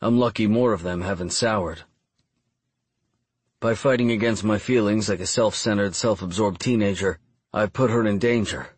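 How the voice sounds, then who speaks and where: A man reading a first-person audiobook narration in a measured, even storytelling delivery. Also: fairly low pitch, slightly rough, dry recording.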